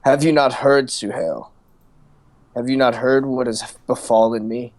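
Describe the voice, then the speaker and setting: A man voicing a young male magister who has lost his magic, speaking slowly in a subdued, doubting way. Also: medium pitch, fairly even intonation, close to an everyday voice.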